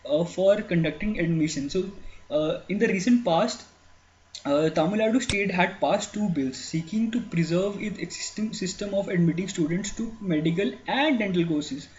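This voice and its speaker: A man's voice: sits high, moderate pace, darkish tone. A man lecturing exam candidates on a newspaper editorial, explaining step by step with many fillers and restarts. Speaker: exam coaching teacher. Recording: dull lo-fi sound with faint noise.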